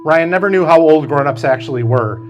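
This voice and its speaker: A man, the author, reading aloud from his novel at a bookstore event in slow, measured storytelling. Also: a little high, expressive, music in the background, poor audio.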